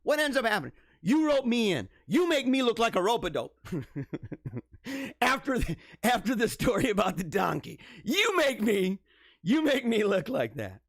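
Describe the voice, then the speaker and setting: A young man hosts a casual livestream, riffing on news stories with mock outrage and frequent laughs. His voice sits high and leaps around a lot. The sound is dry and close, with no room around it. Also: very animated, unhurried, a bit bright, no room sound. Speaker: livestream host.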